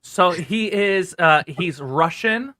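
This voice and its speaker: A man co-hosting a talk show, talking casually with many restarts and halting phrases. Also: high-pitched, expressive, pushed and bright, no room sound, clean studio sound. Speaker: co-host.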